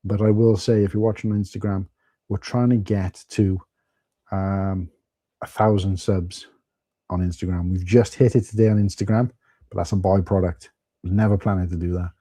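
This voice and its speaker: Deep, mellow-voiced Welsh man chatting. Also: fairly even intonation, moderate pace, no room sound. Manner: chatty, greets viewers by name, rambling asides. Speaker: livestream host. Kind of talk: casual live-stream chat. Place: at home.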